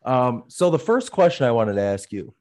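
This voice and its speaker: A man's voice: mid-range voice, big pitch swings, normal speed, darkish tone. A man co-hosting a podcast in casual chat, rambling with many fillers and acting out the voices he quotes. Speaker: podcast co-host.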